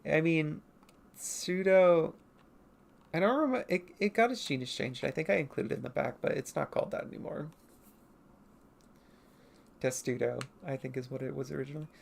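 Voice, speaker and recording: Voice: medium pitch, normal speed, vocal fry, pauses often. A young adult artist livestreaming, casually narrating and ribbing their own childhood comic, now and then acting out character lines. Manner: rambling, self-mocking, briefly acting out character lines.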